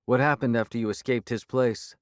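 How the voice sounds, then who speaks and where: A man voicing a blunt, sardonic small-town woman sheriff, brisk and impatient, in an audiobook. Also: medium pitch, fairly even intonation, no echo, studio quality, pitched above the performer's own voice, natural voice. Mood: dismissive. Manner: brisk, impatient, dryly sarcastic. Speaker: character voice in an audiobook.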